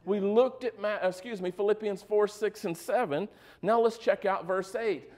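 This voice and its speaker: A man with a high voice preaches to his congregation in an easy, conversational way. He mixes joking asides into the teaching and keeps checking that his listeners are following him. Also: moderate pace, darkish tone. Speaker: pastor. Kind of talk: sermon.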